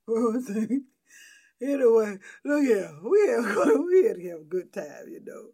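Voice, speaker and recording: Playful woman radio host, bright high voice, teasing banter in a dry studio. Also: lively intonation, measured pace, husky, no echo. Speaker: radio gospel show host.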